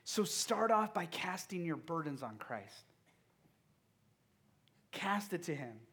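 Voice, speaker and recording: A man with a fairly high voice preaching a sermon to young people. He keeps asking his listeners questions and moves between punchy, loud stresses and soft, hushed passages. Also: big pitch swings, slow, long pauses, slightly rough. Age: young adult or middle-aged father of a toddler. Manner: engaging, asks the audience direct questions; swings between loud emphasis and hushed, quiet moments. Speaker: youth pastor.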